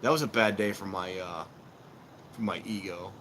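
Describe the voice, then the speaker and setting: Low-voiced middle-aged man, rambling chat. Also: fairly even intonation, normal speed, noisy background. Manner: rambling, self-mocking storytelling with laughs. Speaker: live streamer. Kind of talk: casual live-stream chat. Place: outdoors.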